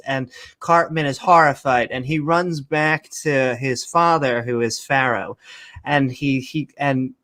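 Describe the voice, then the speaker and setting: A man's voice: mid-range voice, unhurried. A man hosting a casual podcast chat, rambling and acting out scenes with voices. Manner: rambling, animated retelling with voices. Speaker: podcast host.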